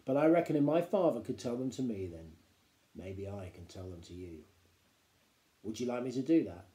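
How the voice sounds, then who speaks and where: A man doing a lively, secretive father. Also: mid-range voice, moderate pace, echoey room, lightly acted. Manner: animated, conspiratorial. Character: boyish father, a lively, mischievous storyteller.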